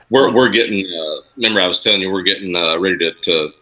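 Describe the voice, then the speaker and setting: A man's voice: sits low, fast talker, pushed and bright, low-quality recording. A man with an Appalachian accent, chatting casually as a guest and laughing often. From Southern United States. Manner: self-deprecating, laughs often. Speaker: guest author. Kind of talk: casual podcast chat.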